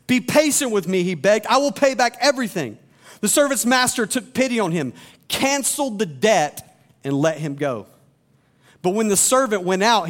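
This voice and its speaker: A man preaching a sermon as a pastor, reading scripture aloud and explaining it with rhetorical questions. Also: high-pitched.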